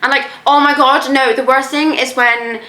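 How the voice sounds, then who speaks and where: A woman's voice: high-pitched, steady tone, moderate pace, sharp tone. A young woman with an English accent chatting casually in a rambling way as she reacts to a video, filling her talk with "like". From England. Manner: rambling, lots of "like" fillers. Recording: roomy echo.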